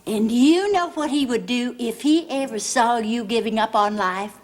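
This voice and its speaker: A woman playing a fussy, high-voiced soap-opera mom. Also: moderate pace, natural voice. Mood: lecturing. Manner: fretful, scolding and pleading by turns. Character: fussy, flustered middle-aged mother. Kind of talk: 1970s TV soap acting.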